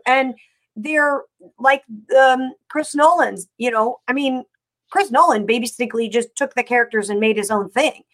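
A woman co-hosting a casual chat, talking in a rambling, animated way with many fillers. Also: fairly high pitch, normal speed. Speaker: podcast co-host.

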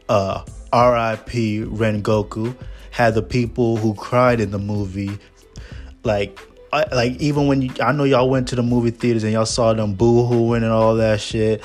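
A male podcast host with a low voice, talking loosely and cussing freely. His review is jokey and full of slang, and soft music plays faintly underneath. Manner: profane, joking, slangy.

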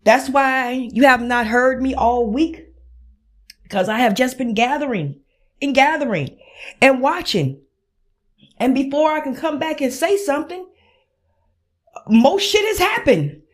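Woman podcast host, high voice, swings up and down, unhurried, swears a lot. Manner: animated, swearing, acts out phone calls with friends. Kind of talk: casual profane commentary.

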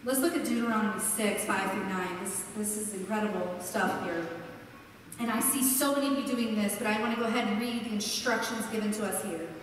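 A woman's voice: mid-range voice, a little fast, slight background noise. A woman pastor preaching a passionate sermon with emphatic, repeating lists. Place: large church sanctuary. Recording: echoey hall, heard from far off.

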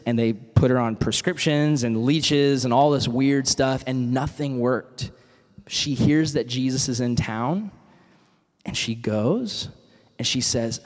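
Brief: young man, youth preacher, chatty and animated, middle pitch, reverberant church hall. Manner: casual, animated, storytelling with acted quotes. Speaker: youth speaker. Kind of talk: youth sermon.

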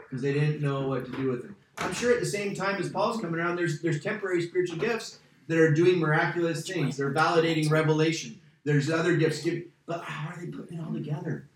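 A man teaching a Bible study as pastor, emphatic and conversational, repeating key phrases for stress. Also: mid-range voice. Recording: very echoey, distant church mic.

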